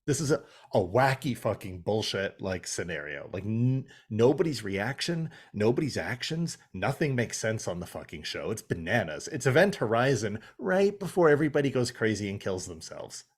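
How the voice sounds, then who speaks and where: Lively swearing male podcast co-host. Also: fairly low pitch, normal speed, hardly any pauses, husky. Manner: animated, swearing, acts out characters' lines. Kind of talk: casual podcast chat.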